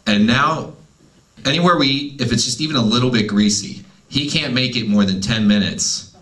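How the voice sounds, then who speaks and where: A man's voice: medium pitch, moderate pace, a bit bright. A man in his thirties doing a wry, self-deprecating stand-up comedy set at an open mic night.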